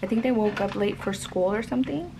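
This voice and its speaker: Gravelly-voiced woman telling a casual story. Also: mid-range voice, a little fast, very noisy. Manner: rambling, many fillers and restarts. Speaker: mother.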